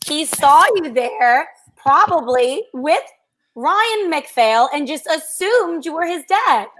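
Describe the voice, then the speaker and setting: A woman's voice: high-pitched, lively intonation, slow pace, fairly bright tone, slight background noise, low-quality recording. A woman chatting casually on a podcast, teasing and correcting with dry remarks. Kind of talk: casual chat.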